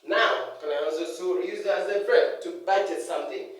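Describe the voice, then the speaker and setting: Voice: medium pitch, brisk, slight background noise. A teacher giving a pronunciation lesson, drilling each word by repeating it and setting the wrong version against the right one. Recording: very echoey, from a distance.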